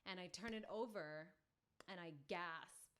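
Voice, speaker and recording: A woman podcast guest telling a personal story, animated and full of "like" fillers. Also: lowish voice, a little slow, smooth. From family from India.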